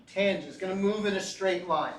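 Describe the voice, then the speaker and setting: Guy teaching physics in an echoey classroom, pretty high voice, chatty, keeps asking right?. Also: fairly quick. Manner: animated, chatty, asks rhetorical questions.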